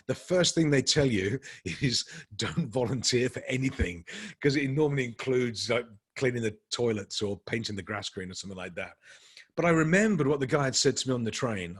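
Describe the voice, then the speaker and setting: A husky, middle-aged Englishman recounts an anecdote to a workshop audience. He speaks in a mid-range voice, animated, jumping into the voices of the people in his story as it builds. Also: medium pitch. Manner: animated anecdotal storytelling, acting out quoted dialogue with rising energy.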